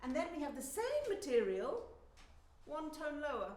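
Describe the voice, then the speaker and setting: A British woman coaching a flute student in a masterclass, expressive and singing phrases to demonstrate. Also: high voice, normal speed. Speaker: flute teacher. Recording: echoey hall.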